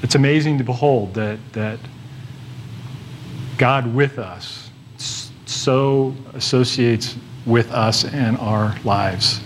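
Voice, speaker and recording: A man delivers a sermon in a relaxed, conversational style, frequently restarting sentences and lingering on fillers. His voice is mid-range, with a slight hiss or hum in the recording.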